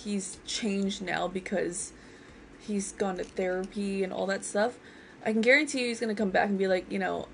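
A woman with a gravelly, fry-laced voice rants bluntly and swears freely. Her pitch sits in an ordinary middle range, and a faint hiss of room noise runs underneath. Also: fairly even intonation, normal speed. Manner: blunt, profane, emphatic. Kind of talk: casual rant.

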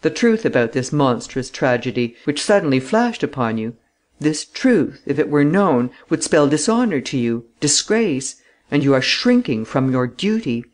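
A stern, relentless gentleman investigator, read by a man in a fairly high, measured voice that leans in hard on every question. He drops to a hushed, urgent murmur when confiding, then rises to a forceful demand. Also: big pitch swings. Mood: insistent.

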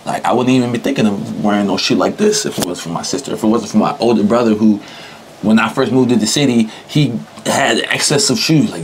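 A man's voice: on the low side, fairly quick, a little hiss or hum, low-quality recording. A young man talking casually as an interviewee, in loose, slangy speech and often breaking into laughter. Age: young adult. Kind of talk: casual chat.

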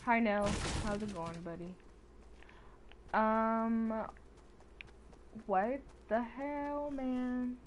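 A woman's voice: a little high, very slow, long pauses, a little hiss or hum. A young woman giving casual, profane commentary while streaming a game, often exasperated and talking to her chat. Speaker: gamer streamer.

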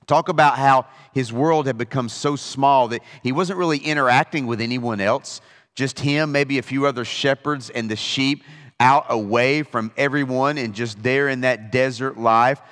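A male pastor teaches a relaxed Bible study and talks to viewers at home, restarting his phrases now and then. His voice sits at a middle pitch. Long reverb trails behind his words in the room. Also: normal speed. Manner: conversational, with repeated restarts.

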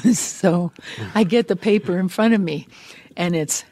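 Animated older woman telling a story. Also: on the low side, takes it slowly, no echo. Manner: animated, breathy-voiced storyteller who acts out quotes. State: voice a little harried. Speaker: guest actress. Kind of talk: casual storytelling interview. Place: large room used as a podcast studio.

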